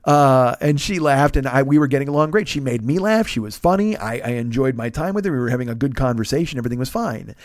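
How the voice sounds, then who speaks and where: A man in his fifties, a podcast host, telling a long story in an animated, profane, self-mocking way. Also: mid-range voice, fast, hardly any pauses, no room sound, clean studio sound. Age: 50s. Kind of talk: storytelling monologue.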